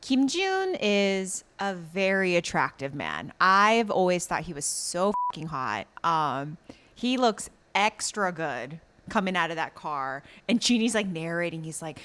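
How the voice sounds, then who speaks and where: A woman co-hosting a podcast, recapping a drama in casual chat, animated with many fillers and laughs. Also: lowish voice, unhurried. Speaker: podcast co-host.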